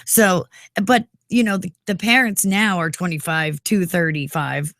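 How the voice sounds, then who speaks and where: A woman's voice: fairly low pitch, lively intonation, a little slow, fairly bright tone, dry recording, studio quality. A woman in her forties from New York, co-hosting a radio morning show and talking emphatically, sprinkled with "you know". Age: 40s. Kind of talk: casual talk radio chat. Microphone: studio mic.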